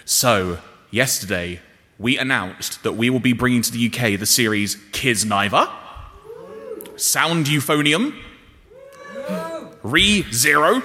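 A man's voice: medium pitch, lively intonation, takes it slowly, pauses often. A man hosting a convention panel, upbeat and playful as he reads out announcements. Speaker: panel host. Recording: long hall reverb with faint noise.

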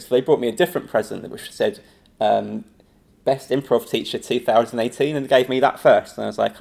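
A man who teaches improv, telling a long anecdote in a relaxed interview. His voice sits mid-range with a gravelly, fry-edged texture. He laughs often and jumps into quoted voices. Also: medium pitch, fairly quick. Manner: animated storytelling, laughing often, acting out quotes. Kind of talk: casual anecdotal chat.

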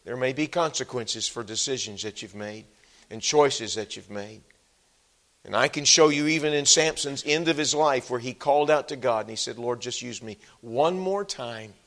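Man preaching with loud emphatic swells. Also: moderate pace. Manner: rises to loud emphatic peaks, then drops low and quiet. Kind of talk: sermon. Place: church sanctuary.

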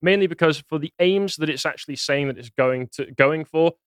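A man's voice: a little high, brisk, clear, resonant tone, no room sound. A man co-hosting a podcast in casual chat, earnest with a dry, wry humour. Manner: earnest, then dryly jokey. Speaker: podcast co-host.

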